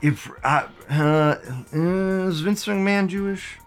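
A man's voice: high voice, slow pace, faint music behind. Rambling, laughing male livestream host. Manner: rambling and off-the-cuff, often breaking into laughter. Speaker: livestream host reading viewer chat. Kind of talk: casual unscripted livestream commentary.

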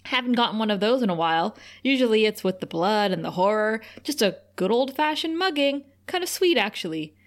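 A woman reads as a young slayer with a quick, dry wit. The quips come out flat and sarcastic, tossed off without effort. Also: fairly high pitch, close to an everyday voice.

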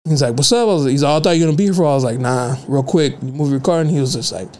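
A man's voice: medium pitch, rapid-fire, dark tone, a little hiss or hum. A man hosting a podcast, telling stories in a loose, slangy and profane way in a casual chat. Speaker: podcast host.

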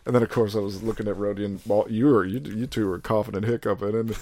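A podcast co-host with a twang and a somewhat low voice. He tells stories in a loose, animated way, peppered with swearing. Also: quick pace. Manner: animated storytelling, profane. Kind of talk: casual chat.

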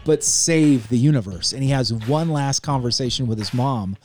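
A man's voice: medium pitch, normal speed, a little mellow, soft background music. A man co-hosting a podcast, casually recapping a movie, acting out scenes and laughing, with light swearing. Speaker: podcast co-host. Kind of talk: casual movie review chat.

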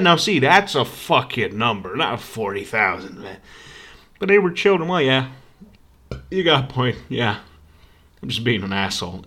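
A man's voice: medium pitch, big pitch swings, normal speed, pauses often, pushed and bright. Podcast host, male, casual rant, swears a lot, stumbles over his words. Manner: profane, rambling, stammering restarts. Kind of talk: ranting casual monologue.

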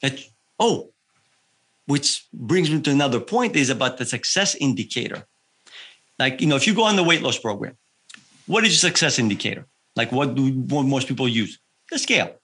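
A man working as a health coach, explaining his approach in a podcast interview, lively and full of examples. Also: mid-range voice, a little fast, husky.

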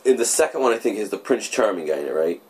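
Laid-back low-voiced man chatting casually. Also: lively intonation, fast talker. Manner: laid-back, swears freely, laughs often. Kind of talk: casual chat.

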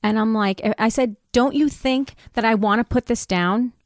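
A middle-aged woman telling a personal story in a conversation, candid and animated, acting out what people said. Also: fairly high pitch, moderate pace, dry recording, clean studio sound. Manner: candid, animated retelling with voiced quotes. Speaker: guest.

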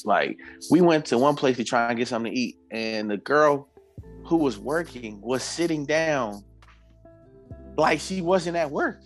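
A man telling a story in casual podcast chat, animated and laughing, acting out the people he quotes and swearing freely. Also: mid-range voice, measured pace, soft background music.

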